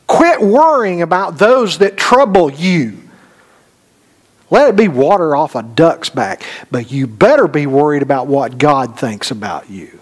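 A male pastor preaching a sermon in a church, talking conversationally with rhetorical questions and shifting between emphatic points and quiet storytelling. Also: a little high, expressive, a little slow. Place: church sanctuary.

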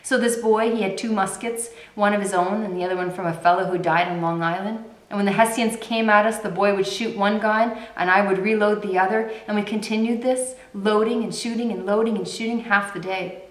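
A woman's voice: mid-range voice, steady tone, a little fast, natural voice. Brief: woman reading as a young soldier, grim and worn out, somber, roomy sound. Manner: somber storytelling. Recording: roomy echo.

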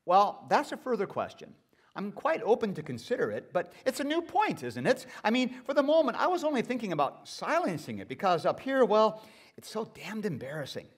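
A man's voice: high voice, wildly swooping pitch, brisk, slightly rough, voice pushed up, full character voice. A man doing a flustered, dithering ghost. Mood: flustered evasive. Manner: flustered, dithering, polite excuses. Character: fretful evasive male ghost from hell.

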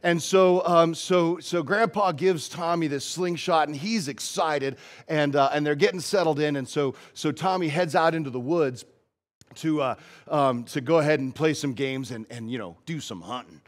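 A man's voice: a little high, moderate pace. A male pastor giving a casual, story-driven sermon in a church.

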